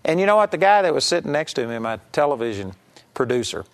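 A Bible teacher from Texas delivers a conversational sermon with a Texan accent, his voice a little high, very animated and fast. He's earnest and folksy, even acting out mock prayers.

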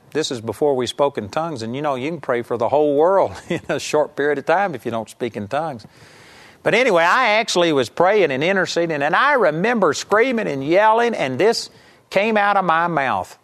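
A man's voice: fairly high pitch, fairly bright tone. A man giving a televised Bible teaching, emphatic and rising sharply when he voices quoted pleas.

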